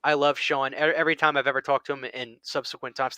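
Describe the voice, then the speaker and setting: Bright, clear-voiced man telling a story. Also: medium pitch, little pitch movement, fast, no room sound, studio quality. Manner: rambling storyteller, many restarts. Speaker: channel host. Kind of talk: casual chat.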